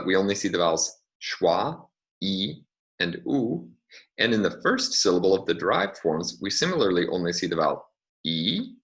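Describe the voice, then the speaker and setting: A man's voice: deep voice, a bit bright, low-quality recording. A man giving a recorded linguistics lecture, thinking aloud with frequent fillers as he works through examples.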